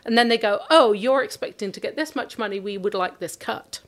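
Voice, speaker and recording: A British woman who directs a theater company speaks briskly at a medium pitch, telling a story in a relaxed interview. She chats away like a natural storyteller, acting out emails and conversations.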